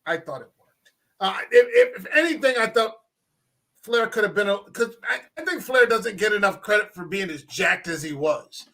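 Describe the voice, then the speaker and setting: A man hosting a casual podcast chat, telling profane, animated stories and acting out quoted lines. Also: high voice, moderate pace. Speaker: podcast host.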